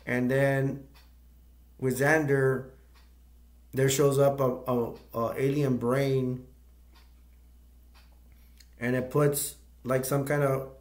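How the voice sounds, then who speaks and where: A man of middle pitch talks casually through a film's story and keeps stopping to search for the right word. His voice sounds echoey, as if recorded in a bare room. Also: little pitch movement, slow pace, pauses often. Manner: rambling, searching for words. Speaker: movie review channel host. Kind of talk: casual plot recap.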